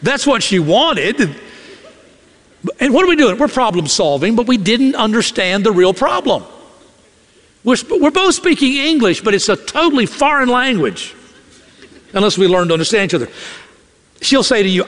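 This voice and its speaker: A man preaching a sermon from the pulpit of a church, animated, and often acting out the voices of the people he quotes. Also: sits high, moderate pace, long pauses, big-room sound. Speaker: pastor. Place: church sanctuary. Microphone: podium or stage mic.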